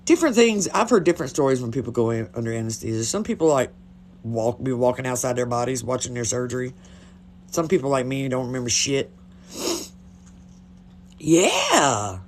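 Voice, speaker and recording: A woman's voice: very deep voice, big pitch swings, moderate pace, long pauses, darkish tone, slight background noise. A woman talking casually on a phone livestream, blunt and chatty, swearing freely. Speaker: livestream host.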